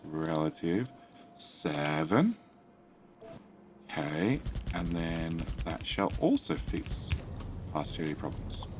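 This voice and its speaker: A man's voice: a bass voice, slight background noise. A man streaming a building game live, muttering through his build and chatting with viewers. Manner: reads out and greets chat. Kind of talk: live gameplay commentary.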